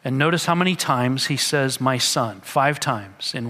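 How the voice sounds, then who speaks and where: A man's voice: medium pitch, animated, unhurried, hardly any pauses, pushed and bright, long reverb tail. A man preaching a sermon, reading scripture aloud and then explaining it in an earnest, conversational way. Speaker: pastor.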